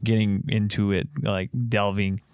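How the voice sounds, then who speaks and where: A man co-hosting a podcast in casual chat, easygoing and quick to laugh. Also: lowish voice, clear, resonant tone, dry recording. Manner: laughs often, lively and easygoing. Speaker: podcast co-host.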